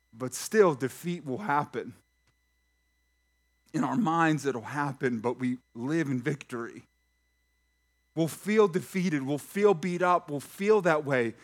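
In a church sanctuary, a male pastor with a medium-pitched voice preaches a lively sermon, speaking straight to the congregation with questions and jokes.

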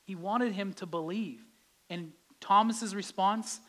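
A man's voice: sits high, slow, fairly bright tone. A male pastor giving a conversational sermon, his voice rising with emphasis at key points.

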